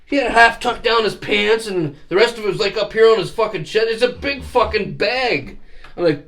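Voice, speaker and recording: A middle-aged man telling stories casually on a vlog, cursing freely and growing animated. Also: sits high, normal speed. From Canada. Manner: profane, animated storyteller. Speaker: vlogger. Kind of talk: casual storytelling.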